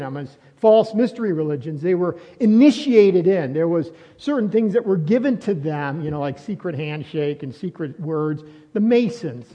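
A pastor preaching with a high voice, talking to his congregation in a loose, conversational way and throwing in rhetorical questions. His voice rings out with a long reverb, and the audio is muffled. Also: mellow. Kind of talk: sermon.

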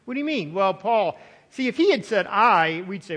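High-voiced preacher in a reverberant hall. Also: male voice, sing-song, moderate pace, a bit bright. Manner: earnest, repetitive, voices imagined doubters. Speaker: pastor. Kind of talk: sermon.

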